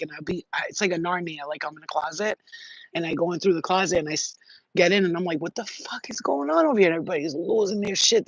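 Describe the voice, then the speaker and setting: Woman host, casual livestream chat, animated and slangy, dull dry lo-fi sound. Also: fairly low pitch, husky, dry recording. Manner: animated, slangy, swears, laughs often, many "you know what I'm saying". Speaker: spiritual channel host.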